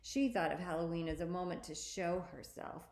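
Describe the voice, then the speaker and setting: A woman reading a children's spooky story aloud, expressively, often lifting her pitch for emphasis. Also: normal speed, creaky, darkish tone, echoey room. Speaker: story reader.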